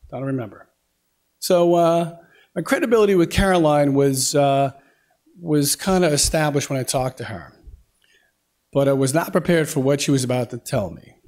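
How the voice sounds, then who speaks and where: Guy with kinda high voice telling a folksy family story to a crowd, lots of ums and quoted back-and-forth. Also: darkish tone. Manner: folksy, chatty, with fillers and quoted dialogue. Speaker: guest speaker. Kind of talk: storytelling lecture to an audience. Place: lecture hall.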